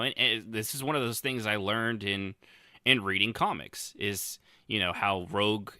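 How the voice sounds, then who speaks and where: With a sharp tone and a lowish pitch, a man co-hosting a podcast talks loosely about roleplay, often starting over. The audio is studio quality with no room sound.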